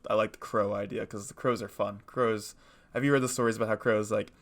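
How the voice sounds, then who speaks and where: A man's voice: fairly low pitch, fairly even intonation, brisk, fairly bright tone. A man co-hosting a podcast in casual chat, rambling, laughing often and acting out short animal voices. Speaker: podcast co-host.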